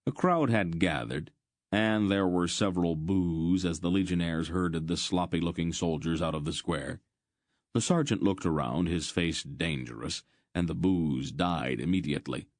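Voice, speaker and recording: A man narrating an audiobook in a measured storytelling manner. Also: sits low, no echo, clean studio sound.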